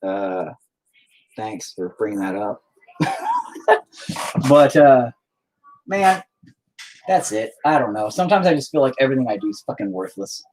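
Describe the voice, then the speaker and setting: A man's voice: medium pitch, very animated, normal speed, long pauses, darkish tone. A middle-aged man, a musician, talking frankly to his stream chat in a rambling, heavily profane way. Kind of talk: casual confessional livestream monologue.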